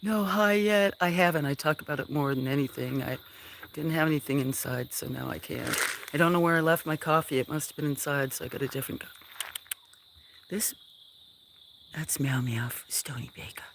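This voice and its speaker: A woman on a casual farm livestream, chatting with viewers and talking softly to her animals. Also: deep voice, moderate pace, creaky. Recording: outdoor noise with chirping crickets. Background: crickets and insects.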